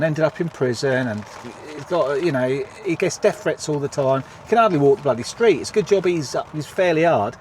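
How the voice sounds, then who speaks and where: A man's voice: fairly high pitch, darkish tone. A man giving a heated, sweary political rant for his vlog while sitting in his car in traffic. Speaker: vlogger.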